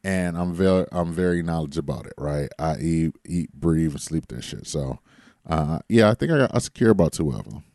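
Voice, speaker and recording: A young adult man co-hosting a podcast in casual chat, relaxed and rambling, laughing often. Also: extremely low pitch, a little fast, dry recording, studio quality. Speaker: podcast co-host.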